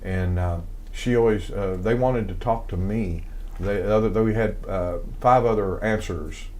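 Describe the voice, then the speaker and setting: A man's voice: fairly low pitch, a little slow, darkish tone. An older man with a light Southern American accent, telling stories in a casual interview, rambling with lots of fillers and restarts. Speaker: guest, songwriter and composer.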